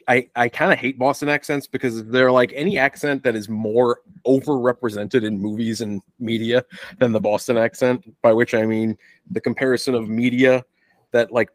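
Brisk and medium in pitch, with fairly even intonation and no echo, a young man rambles through a casual film discussion as a podcast co-host. He keeps restarting sentences and slips in the odd swear.

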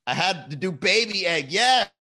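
A man's voice: high voice, expressive, moderate pace, sharp tone. A young man chatting casually on a live stream, telling loose, profane stories and laughing often.

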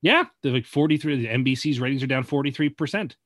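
A man's voice: medium pitch, quick pace, a bit bright, dry recording. A man co-hosting a casual podcast chat, dry and contrarian in his opinions. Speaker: podcast co-host.

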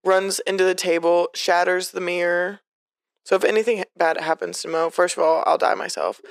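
A woman's voice: fairly low pitch, steady tone, moderate pace, vocal fry, no echo, studio quality. A young woman co-hosting a podcast, telling stories in casual, swearing chat. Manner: chatty storyteller, swears freely. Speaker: podcast co-host.

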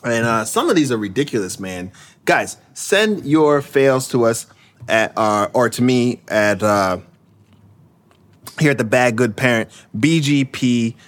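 A male podcast host talks in a loose, joking way, full of fillers and quick laughs. His pitch swings widely as he riffs. It sounds like relaxed conversational banter. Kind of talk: casual chat.

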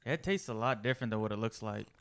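A man's voice: fairly low pitch, expressive, rapid-fire, a bit bright. A young man co-hosting a casual podcast, easygoing and teasing. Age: young adult. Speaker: podcast co-host. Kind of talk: casual chat.

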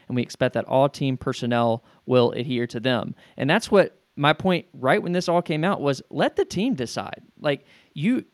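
A man co-hosting a podcast in casual sports chat, speaking in a measured way and reading statements aloud. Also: mid-range voice, no room sound, studio quality. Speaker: podcast co-host.

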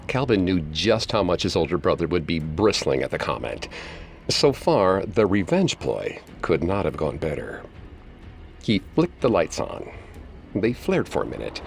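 Deep-voiced man narrating a horror story. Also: sing-song, vocal fry, a little hiss or hum. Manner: measured, suspenseful storytelling.

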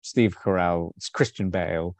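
A man with a lowish voice chats casually about a film, easily breaking into laughter. The recording is close and dry, with no room sound. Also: fairly even intonation, unhurried, a little mellow, no echo. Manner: chatty, laughs often, backchannels. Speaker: film club co-host.

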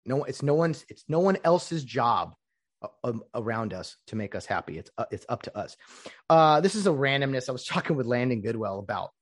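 A man's voice: medium pitch, very animated, fairly quick. A man hosting a casual solo podcast. He is opinionated and rambling, with mocking asides. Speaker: podcast host.

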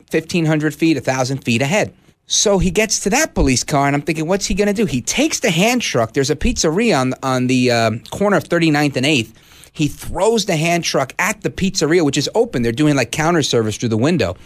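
A man hosting a talk radio show from a studio, delivering an indignant, animated monologue. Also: fairly high pitch.

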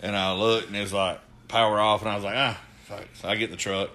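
Podcast host, man, lowish bright voice, cusses a lot, slight hiss behind. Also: steady tone, fast talker. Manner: profane, storytelling with voiced quotes. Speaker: podcast co-host, former wrestler. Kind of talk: casual chat.

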